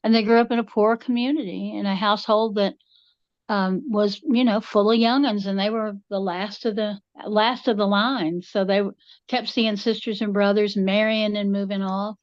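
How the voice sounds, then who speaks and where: In a casual podcast chat, this female co-host spins folksy family anecdotes in a drawl, performing the different voices. She speaks at normal speed with a mid-range voice and a steady tone. The recording has no echo but sounds muffled.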